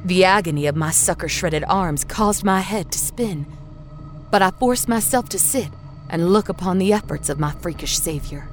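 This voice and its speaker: A woman storyteller narrating a horror story in a steady, expressive reading. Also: on the low side, normal speed. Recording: narration over a faint music score.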